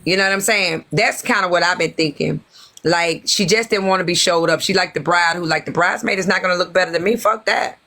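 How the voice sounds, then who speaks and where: A woman guest on a livestream, telling her theory of some gossip in an animated, conspiratorial way and checking in with the listeners often. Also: on the low side, a little fast. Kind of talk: casual gossip commentary.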